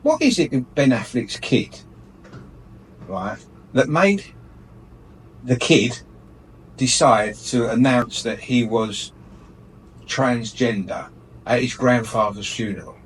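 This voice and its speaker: A man's voice: mid-range voice, animated, slow pace, long pauses, far from the mic, a little hiss or hum, low-quality recording. A man ranting with indignation in a light-hearted radio chat, laughing often. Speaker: radio show regular airing his gripes.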